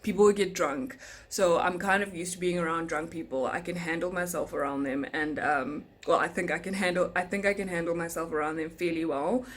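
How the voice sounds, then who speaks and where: A woman's voice: fairly low pitch, fairly quick, slight background noise. A young South African woman, a flight attendant, chatting casually to camera and acting out the lines of the people in her story. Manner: animated, acts out passengers' lines in quotes. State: tired, speaking softly in the morning.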